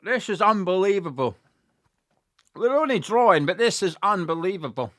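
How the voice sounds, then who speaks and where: Sweary, excitable man in a fan watch-along. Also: sits high, moderate pace, no echo, studio quality. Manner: sweary and excitable, shouting at goals. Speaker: fan commentator.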